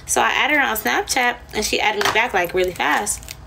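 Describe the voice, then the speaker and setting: A woman's voice: a little high, lively intonation, moderate pace, gravelly, noisy background. A young woman chatting casually on a livestream, telling a rambling, slangy, profane story to her viewers.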